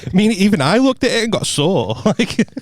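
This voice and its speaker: A man's voice: sits high, sing-song, normal speed, no room sound, clean studio sound. A young adult man, a comedian co-hosting a podcast, joking rowdily and laughing often. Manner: laughs often, rowdy, jokey. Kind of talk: casual comedic chat.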